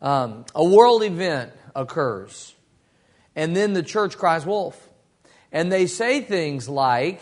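A man's voice: on the high side, expressive, measured pace. A man teaching a Bible study to a group, folksy and storytelling, asking the room questions. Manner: folksy storytelling with acted quotes.

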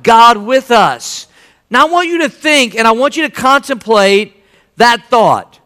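A pastor preaching a sermon with a high, bright and ringing voice. He tells his story with animation, playing out both sides of the dialogue himself. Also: lively intonation, unhurried, clean tone.

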